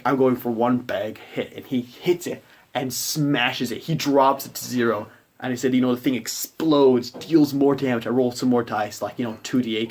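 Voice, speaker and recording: A man's voice: medium pitch, darkish tone. Chatty man recapping his game session. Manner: rambling and conversational, acting out players' reactions. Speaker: game master.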